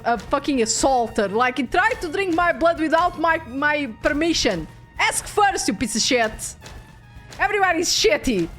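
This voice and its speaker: A young woman streaming a game, chatting casually in an excitable, rambling way and swearing freely. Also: sits high. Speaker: VTuber streamer. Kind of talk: casual gameplay chat.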